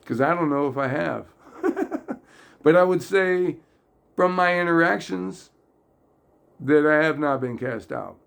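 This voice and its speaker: Man, slow gravelly voice, casual faith talk, earnest and rambling. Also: on the high side. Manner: earnest, rambling, gets loudly excited and emotional. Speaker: religious video host.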